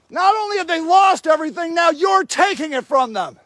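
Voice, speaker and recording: This man's voice sits extremely high and comes out bright and forceful. He shouts in anger with biting sarcasm while livestreaming outdoors on his phone. The sound is close and dry. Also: lively intonation, brisk, no echo. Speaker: activist filming a camp sweep. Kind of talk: livestreamed street confrontation. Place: outdoor homeless camp in snow.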